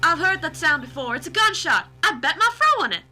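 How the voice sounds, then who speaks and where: A woman's voice: extremely high pitch, very animated, a little fast, sharp tone, soft background music, pitched above the performer's own voice, heavily acted. A woman voicing a nosy, brash photographer with a put-on southern drawl.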